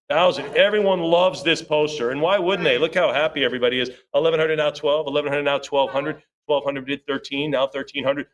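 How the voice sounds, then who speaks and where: Fast-calling male auctioneer, chatty. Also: on the high side. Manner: rapid rhythmic bid calling with chatty asides.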